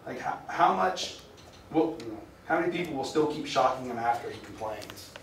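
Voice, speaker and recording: A man's voice: medium pitch, expressive, moderate pace, distant mic, slight background noise. Chatty man lecturing in an echoey hall. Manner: chatty, jokey, asks the class questions. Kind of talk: classroom lecture with student discussion.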